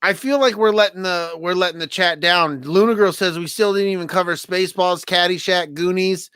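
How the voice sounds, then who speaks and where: A man co-hosting a podcast in casual chat, excitable, laughing often and swearing freely. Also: high voice, a little fast, smooth, no echo. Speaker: podcast co-host.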